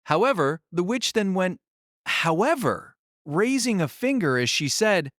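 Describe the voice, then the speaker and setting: A man narrating an audiobook in an expressive, dramatic storytelling manner. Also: sits high, normal speed, dry recording, studio quality.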